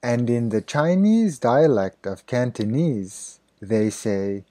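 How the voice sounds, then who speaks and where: Slow, deliberate man with a dark voice. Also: medium pitch, lively intonation, dry recording. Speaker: idiom teacher. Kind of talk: scripted narration.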